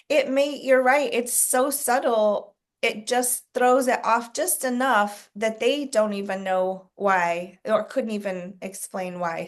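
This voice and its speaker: A woman leading a casual sales coaching call, talking to a group, asking them questions and clearing her throat often. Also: mid-range voice.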